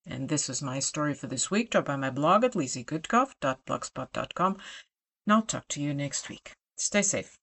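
A woman reading her short story aloud with expressive, animated delivery. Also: low voice, moderate pace, creaky. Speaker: storyteller in a weekly flash fiction podcast.

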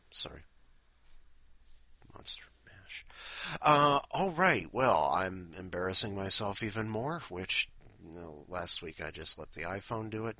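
A man's voice: low voice, sharp tone, a little hiss or hum. A man hosting a podcast in casual, rambling, self-deprecating chat. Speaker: podcast host.

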